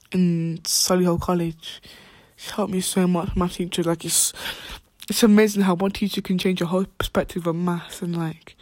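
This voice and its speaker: A woman's voice: on the low side, darkish tone, no echo. A young woman, a college student talking casually about her own life, rambling with many fillers and restarts, dropping to whispers at times. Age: young adult. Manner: slang-heavy, drops to whispers at times. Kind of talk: casual personal vlog.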